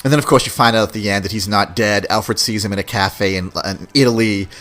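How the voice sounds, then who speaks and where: A man hosting a podcast in a casual, rambling, animated chat, laughing often. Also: lowish voice, fairly quick. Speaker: podcast host.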